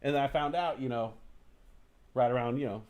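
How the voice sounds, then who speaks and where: A man hosting a casual livestream talk show, telling animated stories, acting out inner voices and swearing casually. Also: medium pitch, fairly quick.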